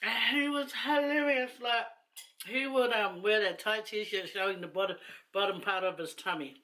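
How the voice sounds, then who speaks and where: A woman's voice: medium pitch, normal speed, bright, forceful tone. A woman chatting casually to camera while eating, rambling and laughing between asides. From New Zealand. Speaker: mukbang vlogger.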